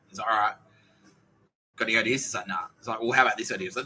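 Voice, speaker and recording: A man's voice: on the low side, rapid-fire, sharp tone, slightly rough, rough recording. A man hosting a podcast, telling a profane, ranting story and acting out other people's lines in brief voices. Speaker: podcast host. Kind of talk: casual podcast monologue.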